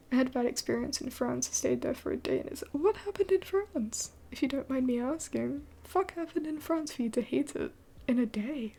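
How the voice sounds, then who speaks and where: A woman's voice: sits high, steady tone, a little fast, creaky, warm tone, slightly rough. A young adult woman streaming live late at night, mostly whispering as she answers chat in a blunt, swearing way.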